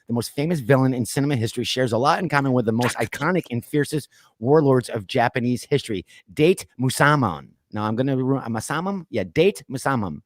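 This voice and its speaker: A man's voice: medium pitch, lively intonation, a little fast, no room sound. Chatty male podcast host, dry sound. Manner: chatty, reads lists with many fillers. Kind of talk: casual podcast chat. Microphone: streamed call mic.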